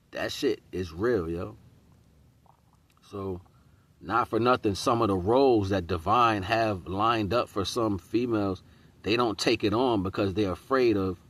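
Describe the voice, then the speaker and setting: A man giving a casual spiritual monologue in street slang, preaching about relationships and accountability and often asking "you know what I'm saying". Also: mid-range voice. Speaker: host.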